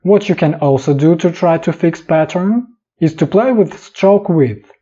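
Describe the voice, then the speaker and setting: Calm, slow man with a husky voice. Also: on the high side. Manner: calm, instructive, short clipped steps. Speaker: software tutorial narrator. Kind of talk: step-by-step screen tutorial voice-over. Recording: dull lo-fi voice-over.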